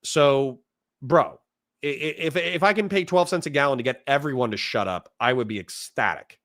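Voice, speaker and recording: A man's voice: medium pitch, normal speed, fairly bright tone, no room sound, studio quality. A man from Florida hosting a casual livestream, reading out chat donations and rambling bluntly in reply. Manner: rambling and blunt, reads chat messages aloud.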